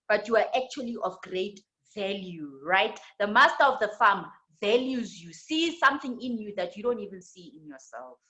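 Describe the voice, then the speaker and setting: A woman with a South African accent trains women in a church leadership class, often repeating words and tacking on "right?" as a tag question. Her voice is a little high, pushed and bright, and the audio quality is poor.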